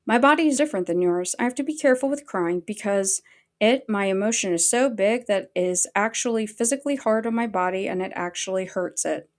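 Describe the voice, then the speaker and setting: A woman's voice: mid-range voice, a little fast. Angry, swearing woman livestreamer. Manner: angry, heavily profane. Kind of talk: livestream rant.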